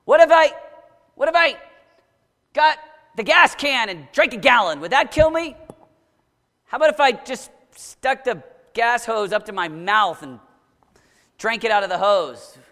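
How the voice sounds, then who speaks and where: A man preaching a sermon to a young crowd, dramatic, swinging from shouts down to low, intense murmurs. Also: lively intonation, a little slow, long pauses, big-room sound.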